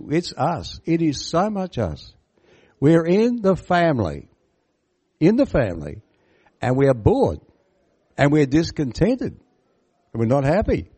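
A man's voice: mid-range voice, slightly rough. A man preaching a sermon on a Bible parable. He is emphatic and keeps putting questions to his listeners. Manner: animated, emphatic, asks the listeners questions and comments on the text.

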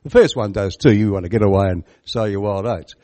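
A man's voice: on the low side, fairly quick. A man preaching a sermon on a Bible parable. He is emphatic and keeps putting questions to his listeners. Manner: animated, emphatic, asks the listeners questions and comments on the text.

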